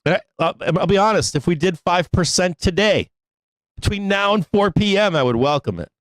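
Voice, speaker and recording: Exasperated, profane trading show host. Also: male voice, sits high, expressive, normal speed, a bit bright, no echo, clean studio sound. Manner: exasperated, profane, pleading with viewers, laughs often. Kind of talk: live trading show rant.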